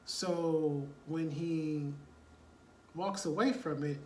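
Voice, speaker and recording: A man's voice: fairly high pitch, very slow, a little hiss or hum. A man casually retelling a movie plot, rambling and filling gaps with "like" and "you know.". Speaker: storyteller. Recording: roomy echo, distant mic, faint ambience.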